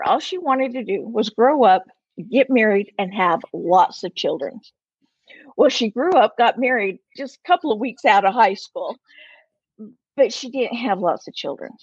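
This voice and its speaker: Woman in her sixties, husky voice, animated storyteller, dry close sound. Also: a little high, no echo. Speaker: interview guest. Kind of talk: personal storytelling. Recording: slightly muffled, lo-fi.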